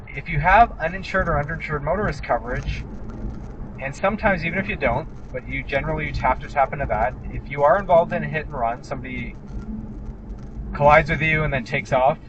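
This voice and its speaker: A man's voice: fairly high pitch, dull audio. A man, an injury lawyer, talking casually from his car while driving, with wry, sarcastic asides. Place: inside a car driving on city streets. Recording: noisy in-car road recording. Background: car and road noise.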